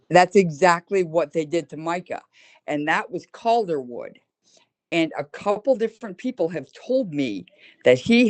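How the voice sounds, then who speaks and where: A woman on a video call telling a story in a casual way, acting out what other people said and speeding up in rushed bursts. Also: deep voice. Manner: animated retelling, acting out quoted dialogue. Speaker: caller recounting her experience.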